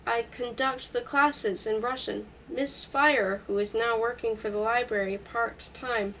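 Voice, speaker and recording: A stiff, overly formal foreign professor speaks with a foreign accent, as a woman reads him aloud. His phrasing is stilted and correct, the voice set fairly high. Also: steady tone, a little slow, a bit bright, slight background noise, rough recording. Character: formal, awkward foreign male professor on the phone.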